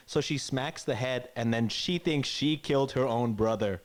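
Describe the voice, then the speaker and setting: A man's voice: mid-range voice, moderate pace, few pauses. A man telling a grim fairy tale in a casual, rambling way, swearing and acting out the characters' lines. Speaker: podcast co-host. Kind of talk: casual storytelling chat.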